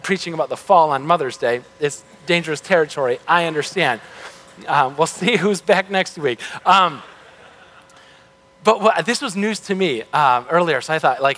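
Male pastor, relaxed conversational sermon, self-correcting, fairly high voice, long church reverb. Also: normal speed.

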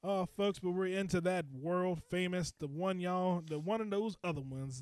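Laughing, higher-voiced male podcast host. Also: moderate pace, few pauses, a little mellow, clear, resonant tone. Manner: loose, joking, often laughing. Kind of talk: casual comedy podcast banter. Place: basement studio.

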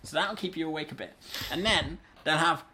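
A woman's voice: deep voice, a little fast, pushed and bright, a little hiss or hum. A woman in casual banter, teasing and insistent, laughing often.

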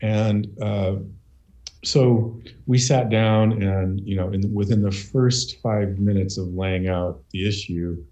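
A business owner telling a personal story on a panel, measured and hesitant, with many "uh"s. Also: male voice, on the low side, fairly even intonation, mellow, dull audio.

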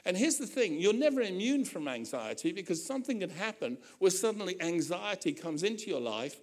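A male pastor preaching a sermon to his church, animated and conversational, with humorous asides and acted-out quotes. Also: high-pitched, fairly quick.

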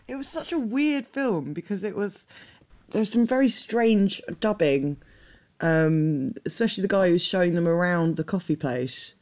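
A woman on a podcast panel telling film anecdotes in a lively, giggly way. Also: mid-range voice, a little slow. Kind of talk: casual film chat. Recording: muffled lo-fi recording.

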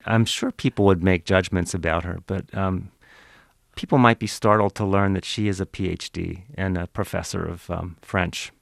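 A man's voice: sits low, fairly even intonation, moderate pace, gravelly, no room sound, studio quality. A man who is an accent archive expert, explaining in an interview in a lecturing manner.

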